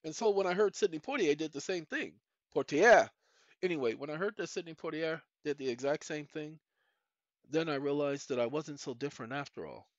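Talking straight to his audience, a middle-aged man rambles through a personal monologue on his own channel and keeps repeating "ladies and gentlemen." He sounds a little high and brisk, in a dry, muffled lo-fi recording with no room sound.

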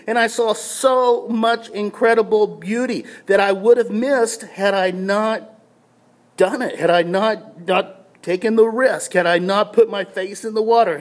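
A man giving a short devotional talk, telling a personal story in a casual, self-deprecating way with many restarts before drawing a faith lesson. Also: sits high. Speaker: pastor.

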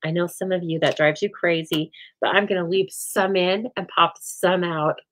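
Female craft host, lowish voice, animated, rambling talker, live from her home craft room. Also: moderate pace, poor audio. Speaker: host of a live stamping show. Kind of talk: chatty live crafting demo.

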